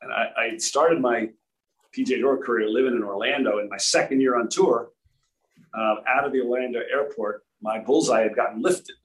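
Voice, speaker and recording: A man from Rhode Island, a former tour golfer, telling relaxed anecdotes in a casual chat with frequent restarts. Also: mid-range voice, normal speed, rough recording.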